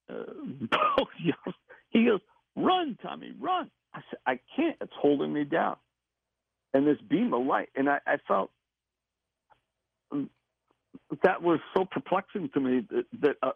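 A man telling a personal story in a casual interview, halting and repeating words as he goes. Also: on the high side, animated, vocal fry, husky, dry recording. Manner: halting, repeats words, laughs between phrases. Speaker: guest recounting an experience. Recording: tinny phone line.

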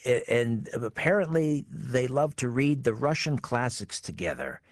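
A man interviewing a guest, measured and curious. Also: mid-range voice, lively intonation, no room sound. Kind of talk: interview questions.

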